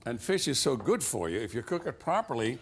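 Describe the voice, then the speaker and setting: A man hosting a TV infomercial, demonstrating a kitchen product with an enthusiastic pitchman's delivery. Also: very animated, brisk, creaky, slight background noise. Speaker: infomercial host. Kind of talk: scripted TV sales demonstration.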